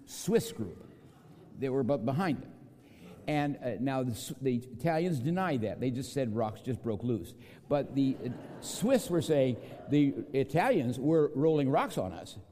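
A man preaching a sermon, telling a parable and acting out the quoted lines as he goes. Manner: storytelling with acted quotes, lively pitch swings. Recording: long hall reverb.

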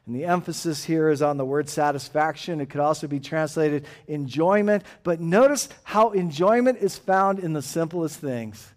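A middle-aged male pastor with a high, light voice delivers an earnest sermon. He sinks into soft, quiet reflection, then lifts into emphatic, rallying appeals to the congregation. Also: moderate pace, hardly any pauses. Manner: earnest, swings between hushed and emphatic.

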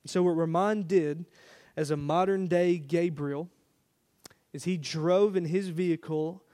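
Male pastor, fairly high voice, chatty sermon storyteller. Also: fairly even intonation, unhurried. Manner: conversational, warm storytelling with quoted dialogue.

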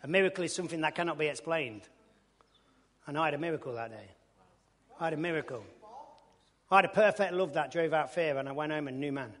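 A man preaching his testimony in a colloquial storytelling way, with bursts of loud enthusiasm. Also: fairly high pitch, quick pace, long pauses, big-room sound. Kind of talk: testimony sermon.

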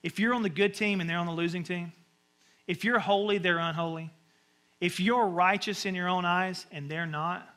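A man with a Southern US accent, preaching a conversational sermon with sudden animated asides. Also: fairly high pitch. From American South. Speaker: pastor.

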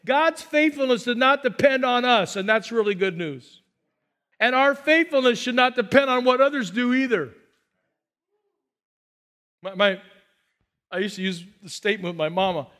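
A man's voice: extremely high pitch, lively intonation, normal speed, pauses often, fairly bright tone. A man, a pastor, preaching a sermon with emphatic repetition and call-and-response to the congregation.

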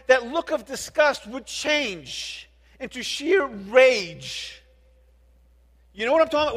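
High-voiced pastor preaching in a reverberant hall. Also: male voice, a bit bright. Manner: earnest, often restarts words and asks the congregation questions. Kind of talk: sermon. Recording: long reverb of a large hall.

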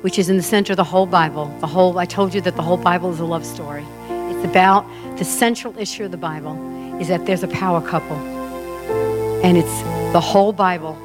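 A woman's voice: on the low side, fast. A woman preacher delivering an earnest, emphatic sermon. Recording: music underneath.

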